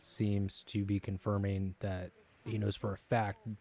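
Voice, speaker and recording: Man, casual gameplay commentary, chatty, joking asides, low warm voice. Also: flat delivery, measured pace, creaky, no room sound.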